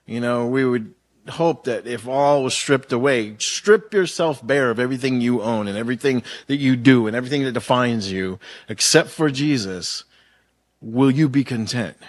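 A middle-aged male pastor preaching in a casual, conversational way, telling stories with slang and lots of fillers. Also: mid-range voice. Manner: chatty storytelling with slang and many fillers.

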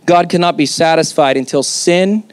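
A man's voice: on the high side, normal speed, clear, resonant tone, no echo. A man preaching a sermon as pastor, conversational yet emphatic, with rhetorical questions.

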